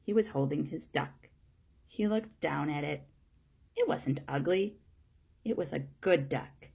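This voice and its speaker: A woman reading a children's storybook aloud in a plain, steady way, one sentence at a time. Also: sits low, unhurried, vocal fry, breathy edge. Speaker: storybook reader.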